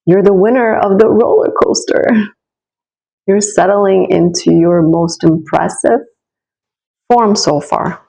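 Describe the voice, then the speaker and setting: A woman's voice: on the low side, takes it slowly, vocal fry, long pauses, poor audio. A woman giving a casual tarot reading straight to the viewer, encouraging and reassuring, rambling with restarts as she turns each card. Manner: warm, encouraging, talks straight to the listener; rambling with frequent restarts and asides. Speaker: tarot reader.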